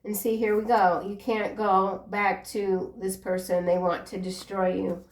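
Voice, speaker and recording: A woman's voice: medium pitch, little pitch movement, unhurried, recorded from a distance. Woman in her forties, tarot reader, chatty and encouraging; slightly off-mic in a roomy space. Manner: chatty, earnest, encouraging, drifts into personal asides. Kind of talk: casual tarot reading monologue.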